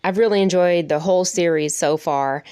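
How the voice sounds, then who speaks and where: A woman talks through a TV episode in a casual, chatty review, openly emotional and laughing often. Her voice sits a bit low, and the recording is dry and close. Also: normal speed, a little mellow, smooth, no echo.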